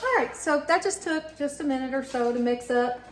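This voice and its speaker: Chatty mom in an echoey kitchen. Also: female voice, high voice, brisk, very noisy. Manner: chatty, many fillers, talks to her son. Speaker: home baking vlogger. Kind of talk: casual chat while baking. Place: home kitchen.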